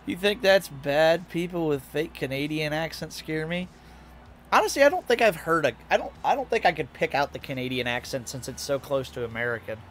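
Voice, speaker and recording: A man's voice: fairly high pitch, brisk, a bit bright, a little hiss or hum. A young man doing casual live-stream commentary while playing a racing game, chatting with his viewers and laughing often. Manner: chatty, reads and answers chat, laughs often. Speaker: VTuber streamer.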